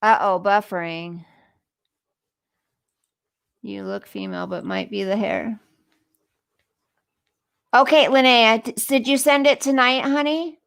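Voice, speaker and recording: A woman's voice: on the high side, steady tone, slow, gravelly, pauses often, a bit bright, clean tone. A middle-aged woman hosting a casual livestream, chatty and easily sidetracked as she reads comments and laughs often. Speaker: livestream host reading chat comments.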